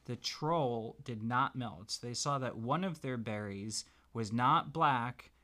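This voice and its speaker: A man gently making up a bedtime story for his child, pausing as he thinks of what comes next. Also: medium pitch, a crowd in the background. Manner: gentle, unhurried, makes the tale up as he goes. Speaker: parent telling a story.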